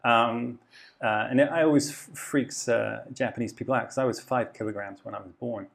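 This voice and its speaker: A man's voice: mid-range voice, fairly even intonation, brisk, vocal fry. A man from Devon, England, talking as an interview guest in a thoughtful, rambling way with lots of fillers and restarts. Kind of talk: casual interview chat.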